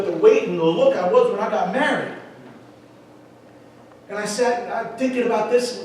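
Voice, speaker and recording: A man pastor preaching a sermon, building to emphatic, near-shouted peaks. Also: sits high, a little hiss or hum. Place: large church sanctuary. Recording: echoey church hall from far off.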